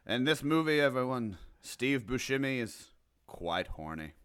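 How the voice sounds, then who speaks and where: A man co-hosting a podcast in casual comedic chat, playful, with deadpan mock-serious asides. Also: mid-range voice, a little slow, clear, resonant tone. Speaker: podcast co-host.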